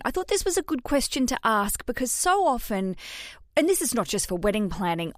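A woman's voice: fairly high pitch, very animated, brisk, no room sound, clean studio sound. A woman in her thirties hosting her own podcast in casual solo chat, rambling into self-mocking asides, recorded in a booth at home. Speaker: podcast host. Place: recording booth in a city flat.

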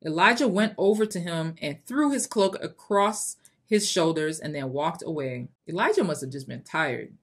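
A woman's voice: low voice, lively intonation, normal speed, few pauses. Emphatic woman reading scripture aloud. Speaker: podcast host. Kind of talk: Christian motivational podcast.

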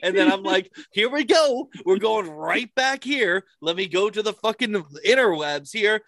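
Man, casual chat, expressive pitch, close dry recording, laughs and swears a lot. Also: normal speed, dry recording. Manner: animated storytelling with frequent laughter and swearing.

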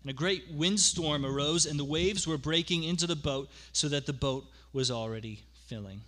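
A man's voice: on the high side, normal speed, a bit bright. A man preaching a sermon as pastor, conversational, explaining with asides and repeating key phrases for emphasis.

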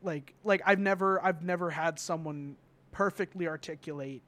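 Hesitant young man, fairly high voice. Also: moderate pace, a bit bright. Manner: hesitant, many ums and restarts. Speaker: podcast host. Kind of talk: casual emotional conversation.

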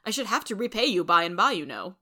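A woman's voice: medium pitch, very animated, fast, bright, forceful tone. A woman voicing an earnest, proud young suitor in a storybook reading.

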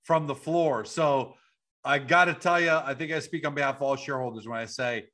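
A man's voice: medium pitch, brisk, sharp tone. A man hosting an interview over a video call, upbeat and rambling with restarts. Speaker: interview host. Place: home at night.

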